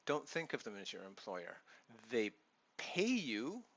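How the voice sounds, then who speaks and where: A man's voice: mid-range voice, huge pitch swings, unhurried, vocal fry, a bit bright, muffled recording. A man with a Canadian accent who teaches English online, giving earnest, reassuring advice to new teachers in a vlog. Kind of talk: advice vlog talking to camera.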